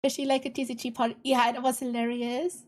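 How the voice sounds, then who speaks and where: A woman's voice: a little high, level tone, fairly quick, a little mellow. A woman streamer chatting casually while reacting to videos, laughing often and musing aloud.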